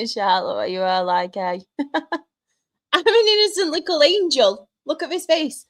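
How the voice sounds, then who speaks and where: A woman's voice: high voice, very animated, takes it slowly. A young woman with a Mancunian accent, chatting casually with her live-stream audience, laughing often and trading banter with chat. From Manchester, England. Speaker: streamer answering chat questions.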